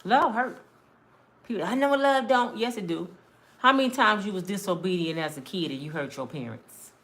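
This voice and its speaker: A woman's voice: mid-range voice, lively intonation, moderate pace, a bit bright. A woman, giving an emphatic, conversational talk about relationships as a mentor. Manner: emphatic, conversational street-preacher delivery with acted quotes. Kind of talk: preachy monologue to camera.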